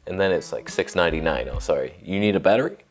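A man's voice: low voice, animated, fast, faint music behind. A man giving a comedic camera review, sarcastic and rambling with jokey asides.

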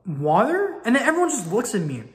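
A frustrated young man in his late teens vents about an embarrassing story, his pitch swinging widely as he swears and pleads. His voice trails into a long reverb. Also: normal speed. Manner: exasperated, swearing, animated. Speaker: vlogger. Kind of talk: casual storytelling.

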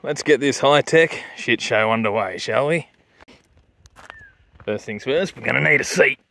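A man's voice: mid-range voice, normal speed, creaky, bright, forceful tone. An Australian man doing a crude, swearing casual review vlog of drinks and snacks, full of larrikin banter.

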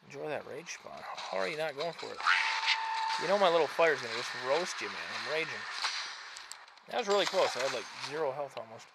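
Male gaming host, slightly high voice, casual play-by-play, noisy background. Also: lively intonation, fairly quick, gravelly. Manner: chatty, self-mocking, swings from mumbling to loud frustrated outbursts. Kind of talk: casual gameplay commentary.

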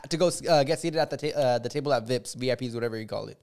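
Quick-talking man chiming in. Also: medium pitch, a little mellow, smooth. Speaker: podcast co-host. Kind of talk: casual chat.

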